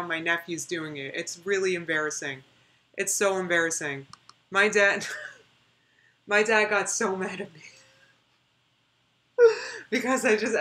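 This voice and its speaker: A woman's voice: medium pitch, bright, forceful tone. A young woman chatting casually on her live stream, rambling and reading out viewer comments.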